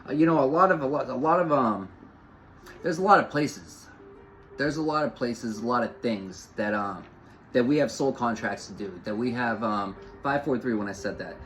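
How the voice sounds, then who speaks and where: A man's voice: mid-range voice, normal speed, a bit bright, soft background music, poor audio. A man giving an off-the-cuff spiritual talk, rambling and repeating phrases with lots of fillers. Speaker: spiritual host.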